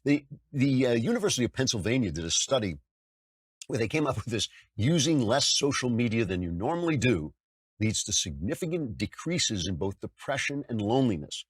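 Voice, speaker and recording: A man's voice: mid-range voice, big pitch swings, a little fast, slightly rough, dry recording. An older man hosting a political commentary show, talking conversationally and slipping into mocking impressions. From United States. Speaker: podcast host.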